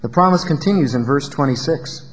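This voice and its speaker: A male pastor preaching a sermon in an emphatic style, rising to loud peaks and dropping low. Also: lively intonation, fairly quick, long reverb tail.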